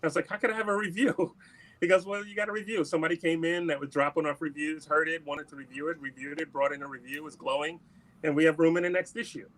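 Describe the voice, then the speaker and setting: A man's voice: fairly high pitch, fast talker. A man in an interview, telling a long story in a casual way and acting out the lines of the people in it. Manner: animated anecdote-telling, acts out quoted dialogue. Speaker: musician guest.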